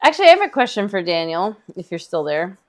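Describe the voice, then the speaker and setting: A woman's voice: lowish voice, very animated, fast talker. A woman co-hosting a painting livestream, chatting casually with frequent laughs and rambling asides. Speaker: co-host painting along.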